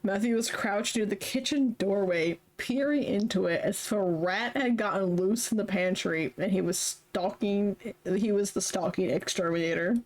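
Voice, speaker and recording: A woman's voice: medium pitch, moderate pace, few pauses. Chatty young woman streaming a story game. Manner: chatty, laughs often, reads narration then comments. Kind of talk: reading a visual novel aloud with commentary.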